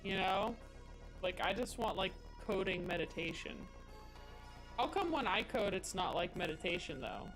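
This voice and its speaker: A woman's voice: medium pitch, lively intonation, normal speed, a bit bright, soft background music. A woman live-streaming as she codes, chatting casually and thinking aloud in a rambling way with many fillers. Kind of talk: casual live-stream chat while coding.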